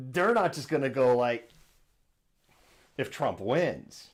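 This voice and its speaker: A man hosting a live political news stream from a home studio, talking in a sarcastic, animated way and often slipping into mocking imitations. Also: mid-range voice, takes it slowly, long pauses. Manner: sarcastic, acts out imagined voices.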